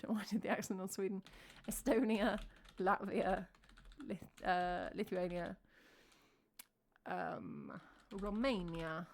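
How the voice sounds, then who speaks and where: A woman's voice: medium pitch, steady tone, slow. A woman with an English accent, chatting casually on a live stream, thinking aloud and answering her chat. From England.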